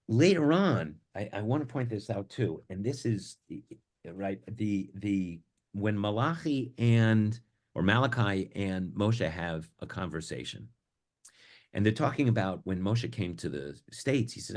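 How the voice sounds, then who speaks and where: A man presenting a book discussion, talking with halting restarts and reading passages aloud with lively character intonation. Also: on the low side. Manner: halting restarts when explaining.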